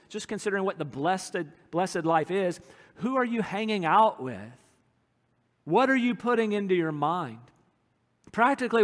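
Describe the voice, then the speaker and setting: High-voiced man preaching in a reverberant hall. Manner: earnest, emphatic preaching with slowed phrases for stress. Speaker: pastor. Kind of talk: sermon. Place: church sanctuary.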